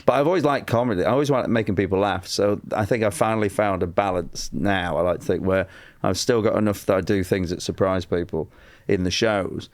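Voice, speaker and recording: A comedian from England telling a long anecdote on a podcast, acting out quotes and laughing a lot. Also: male voice, on the low side, a little fast, hardly any pauses, no echo. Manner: storytelling with acted-out quotes, laughing often. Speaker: comedian guest.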